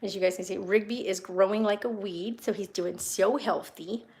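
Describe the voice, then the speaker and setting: A woman's voice: medium pitch, steady tone, normal speed, a little mellow. A young woman chatting casually and rambling a bit as she films a tour of her house and talks to her cats in baby talk. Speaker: vlogger touring her home. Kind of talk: casual home tour vlog. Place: house, indoors and yard.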